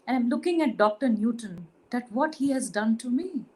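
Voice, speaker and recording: A woman with an Indian English accent giving an earnest, halting spiritual testimony, full of fillers and restarts. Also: on the high side, expressive, a little mellow, low-quality recording. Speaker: spiritual retreat participant sharing testimony. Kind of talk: emotional personal testimony.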